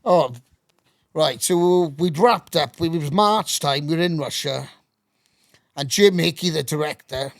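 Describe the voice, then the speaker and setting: A middle-aged man, a podcast guest, telling animated anecdotes and swearing constantly in casual storytelling. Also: fairly high pitch, unhurried, dry recording, studio quality.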